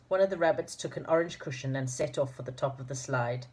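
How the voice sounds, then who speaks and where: Woman reading a storybook, low voice. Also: quick pace, darkish tone, breathy edge. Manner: informal, with fillers and restarts. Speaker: narrator. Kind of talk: storybook read-aloud.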